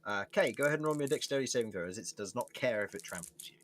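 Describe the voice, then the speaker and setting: A young man running a tabletop game in an easy, unhurried way. His voice sits at an ordinary middle pitch, and he often laughs and circles back mid-sentence. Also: animated. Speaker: game master.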